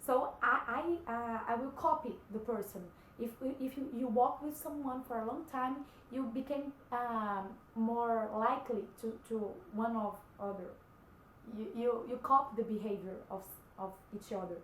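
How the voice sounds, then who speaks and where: A woman whose first language is Portuguese gives an earnest devotional talk in English, often pausing and searching for words. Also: fairly high pitch, a bit bright, roomy sound, a little hiss or hum, low-quality recording. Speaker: Christian vlogger.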